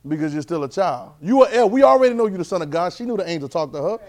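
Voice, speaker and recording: A man teaching a Bible class in a sermon style, animated, with constant call-and-response checks of his listeners. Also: high voice, racing. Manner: repetitive call-and-response, keeps asking "right?"; animated, swings loud and soft.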